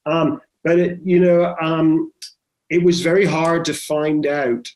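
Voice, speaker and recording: A man's voice: a little high, slow. Chatty middle-aged man telling stories. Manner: chatty, animated storyteller with many restarts. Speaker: film director guest. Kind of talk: conversational interview.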